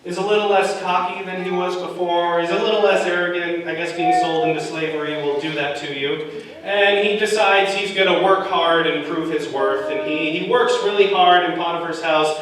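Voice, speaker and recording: High-voiced man telling a sermon story. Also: steady tone, a bit bright. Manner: casual, joking storytelling with quick voiced asides. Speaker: pastor. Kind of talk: sermon retelling a Bible story. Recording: echoey room, far from the mic, noisy.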